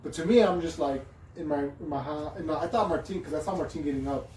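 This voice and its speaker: Brief: easygoing male co-host, slightly high voice, meandering talk, distant roomy recording with light hiss. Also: quick pace, darkish tone. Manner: rambling, swearing, restarts and laughs. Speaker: podcast co-host. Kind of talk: casual chat. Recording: echoey room, distant mic, faint noise.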